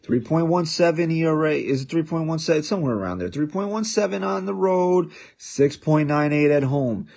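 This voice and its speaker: Man, sports podcast host, fairly high voice, combative and sarcastic in his opinion rant. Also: lively intonation, a little fast, creaky, few pauses, a little mellow. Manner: combative and sarcastic, jabbing questions.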